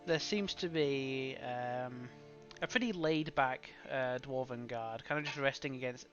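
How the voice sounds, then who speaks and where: A man narrating a tabletop game as game master, halting with fillers and chuckles. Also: medium pitch, a bit bright. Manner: halting, lots of fillers and laughs. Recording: dull lo-fi audio with background music.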